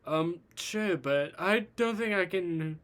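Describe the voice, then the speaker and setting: A man's voice: sits high, takes it slowly, a bit bright, pitched above the performer's own voice. A man voicing an earnest, slightly hesitant young male hero in training in a read-aloud fan story.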